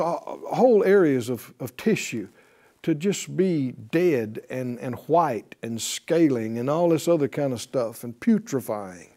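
A man teaching a Bible class in a fervent preaching style, breaking into hallelujahs and quick laughs. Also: fairly high pitch, mellow.

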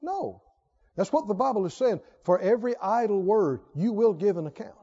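Male pastor, high voice, animated sermon delivery with call-and-response, lo-fi church recording. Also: moderate pace, husky.

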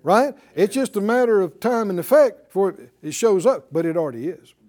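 A man's voice: sits high, animated, a little fast, darkish tone. An older man preaching a sermon, drawing call-and-response from the congregation and retelling conversations. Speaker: pastor.

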